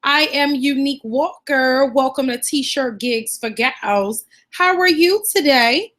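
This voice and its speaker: A woman's voice: sits high, takes it slowly, fairly bright tone. A woman from Washington, D.C. hosting a live online class, upbeat and greeting viewers by name and where they are from.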